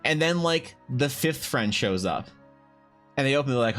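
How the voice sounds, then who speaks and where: A man's voice: mid-range voice, lively intonation, brisk, fairly bright tone, faint music behind. Rambling, profane streamer guy. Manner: rambling and profane, many restarts. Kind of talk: casual chat while drawing on stream.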